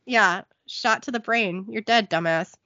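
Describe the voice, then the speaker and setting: A woman's voice: medium pitch, a little slow, dry recording, highs cut off. A woman hosting a casual podcast, giggling as she retells a TV episode. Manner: lively, giggly storytelling. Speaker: podcast host recapping a TV episode. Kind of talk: casual recap chat.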